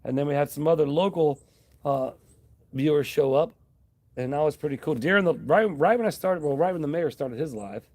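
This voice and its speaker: A man hosting a casual live stream, rambling in a relaxed, friendly way, reading out viewer comments and thanking them. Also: on the high side, brisk.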